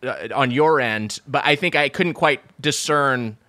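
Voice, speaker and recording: A man's voice: mid-range voice, a little slow, sharp tone. A man hosting a podcast, chatting casually and patiently explaining himself between easy laughs. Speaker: podcast host. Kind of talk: casual chat.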